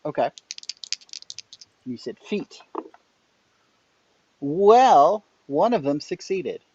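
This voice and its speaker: A man's voice: a little high, big pitch swings, extremely slow, darkish tone, breathy edge, no echo, highs cut off. A man playing a tabletop game, with dry, wry banter. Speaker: player.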